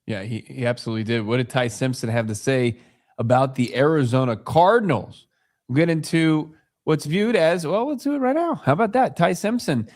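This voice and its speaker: A man's voice: fairly high pitch, a little fast, darkish tone. A man co-hosting a sports talk show, wry and teasing, often reading quotes aloud.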